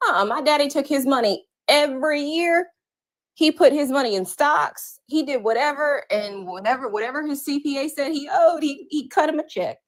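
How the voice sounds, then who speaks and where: A woman co-hosting a casual livestream chat, telling stories in an animated, slangy way. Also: sits high, normal speed. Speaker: livestream co-host.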